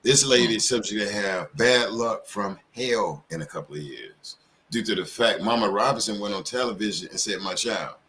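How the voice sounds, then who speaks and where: A man's voice: on the low side, moderate pace, sharp tone. A man giving heated commentary as a show host, firing off rhetorical questions.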